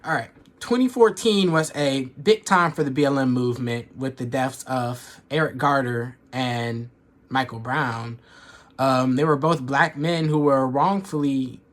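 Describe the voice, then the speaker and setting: A man's voice: mid-range voice, unhurried. Earnest male student presenting. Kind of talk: class presentation.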